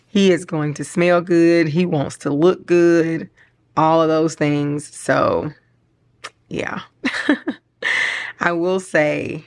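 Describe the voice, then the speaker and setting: A middle-aged woman chatting casually and rambling while she decorates her planner, laughing often and getting choked up. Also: low-pitched. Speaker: planner vlogger.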